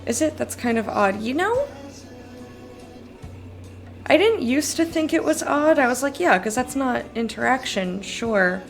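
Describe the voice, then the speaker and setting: A woman with a high, expressive voice speaks unhurriedly with long pauses, faint music in the background. Tired and giggly, she rambles through a casual live stream, reading her chat aloud and answering it with frequent laughter.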